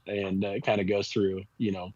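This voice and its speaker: Guest man, low husky voice, rambling storyteller, dry dull lo-fi audio. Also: normal speed, no room sound. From Kansas City area. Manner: rambling, animated storyteller with many restarts. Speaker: barbecue pitmaster guest. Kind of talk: casual storytelling interview.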